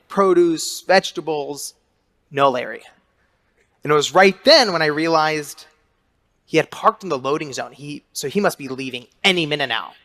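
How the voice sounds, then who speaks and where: A young man in his twenties, an author telling a story to an audience, animated and acting out his own shouts. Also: fairly high pitch. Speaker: author and speaker.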